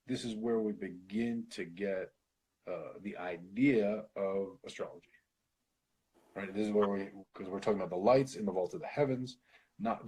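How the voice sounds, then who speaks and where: An American man leading a casual Bible study, reading verses aloud and thinking out loud between them, with the odd swear and laugh. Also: fairly low pitch, husky, poor audio. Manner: thinks aloud, swears, laughs, reads Hebrew then explains.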